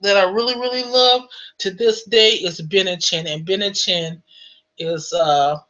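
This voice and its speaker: An American woman spins a casual story in a bright, slightly high voice, taking her time and filling the pauses with "you know." She laughs often and gets animated. The sound is a little dull and lo-fi. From United States. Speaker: vlogger.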